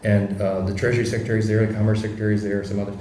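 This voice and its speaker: A man speaking as a political guest in an interview, telling stories in an animated, casual way with frequent restarts. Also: on the low side, racing, roomy sound, a little hiss or hum. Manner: animated anecdote-teller who speeds up and laughs through stories.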